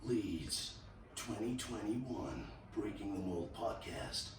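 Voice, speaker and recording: A man doing a slow, dramatic mock trailer voice-over for a podcast. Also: fairly low pitch, animated. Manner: slow, dramatic announcer delivery. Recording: very echoey room, distant mic, noisy.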